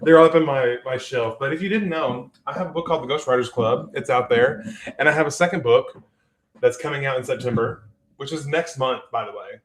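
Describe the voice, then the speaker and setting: Sitting at his home desk, a Southern-accented man runs a writing livestream, chatting loosely and reading comments from viewers aloud. His mid-range voice moves a bit fast, and the audio has a roomy quality.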